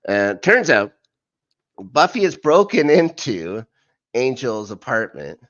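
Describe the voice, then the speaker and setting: Male podcast co-host, casual rambling recapper, very animated pitch. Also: takes it slowly, no echo, muffled recording. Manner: chatty, rambling recap full of fillers and asides. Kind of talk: casual rewatch recap chat.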